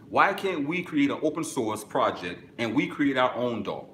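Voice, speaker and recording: A man hosting a live music-business webinar, reading chat and answering casually, with sudden excited bursts between relaxed stretches. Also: moderate pace, few pauses. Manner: excitable bursts, then drops low and relaxed. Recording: echoey room, faint background noise.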